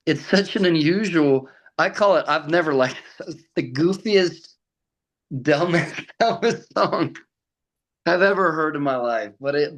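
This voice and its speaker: On the high side in pitch, a young tribute artist for a famous singer, from Colorado, talks as a guest on a podcast, spinning stories, laughing frequently and mimicking what others said. The audio quality is poor.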